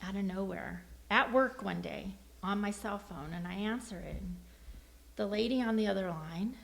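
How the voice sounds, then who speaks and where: Gravelly-voiced middle-aged woman telling a testimony. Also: medium pitch, moderate pace. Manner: lively storyteller, acts out quoted dialogue, laughs often. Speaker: church member giving a testimony. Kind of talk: personal testimony storytelling.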